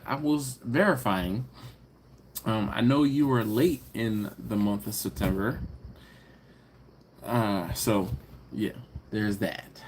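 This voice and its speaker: A male livestream host reads out viewer comments in relaxed chat and answers them in a playful way, with plenty of laughter and elongated, teasing emphasis. He speaks in a mid-range voice, and a little hiss or hum can be heard.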